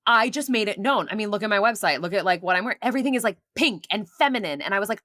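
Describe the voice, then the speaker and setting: A woman's voice: mid-range voice, lively intonation, rapid-fire, few pauses, pushed and bright, dry recording, studio quality. A young adult woman, a marketing mentor guest on a podcast, telling stories with enthusiasm and repeating phrases for emphasis. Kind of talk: casual interview chat.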